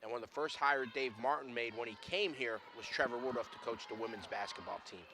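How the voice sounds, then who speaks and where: A man's voice: medium pitch, quick pace, creaky, sharp tone. A man who coached before, giving color commentary on a basketball game in an emphatic, teaching way and repeating his key points.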